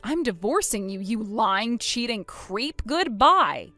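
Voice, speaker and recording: Woman, scripted story narration, matter-of-fact, higher voice, faint music underneath. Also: animated, no echo. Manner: measured, matter-of-fact retelling. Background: soft music.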